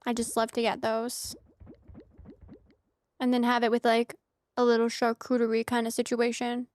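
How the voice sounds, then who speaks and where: A woman's voice: a little high, completely flat delivery, normal speed, a little mellow. A young woman from the United States chatting casually with her viewers while streaming a game, giggly and full of filler words. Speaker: streamer playing a farming game.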